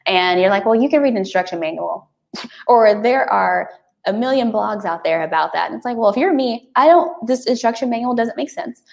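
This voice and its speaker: A woman's voice: fairly high pitch, vocal fry. A woman guest on a podcast, chatting casually and animatedly, with frequent restarts. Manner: animated, talks fast with many restarts.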